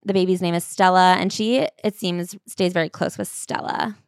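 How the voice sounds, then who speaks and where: A woman's voice: fairly low pitch, fairly even intonation, moderate pace, smooth, no echo, studio quality. A woman co-hosting a casual book-review chat, talking in a loose, chatty way with lots of "like". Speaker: podcast co-host.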